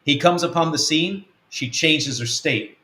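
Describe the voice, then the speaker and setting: A man's voice: a little high, measured pace, sharp tone, roomy sound. A man, an apostle of a web church, teaching earnestly through a numbered list of points, often restarting his sentences. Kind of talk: teaching talk answering a question.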